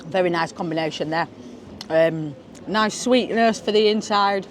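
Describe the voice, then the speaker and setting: Tasting tapas at a beachfront restaurant, a woman vlogs in a fairly low, unhurried voice. Slight background noise comes from the busy crowd around her, and she hums her approval at each bite while chatting casually about the food.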